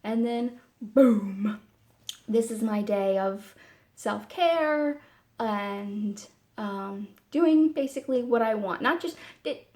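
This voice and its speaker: A woman talking casually to camera in a personal vlog, meandering and halting, with many fillers and restarts. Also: a little high. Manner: soft and candid. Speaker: vlogger.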